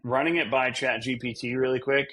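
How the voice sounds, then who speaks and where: A man's voice: mid-range voice, steady tone, fairly quick, a bit bright. A man co-hosting a podcast, chatting casually in a rambling, self-deprecating way and laughing often. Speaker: podcast co-host. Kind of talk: casual chat.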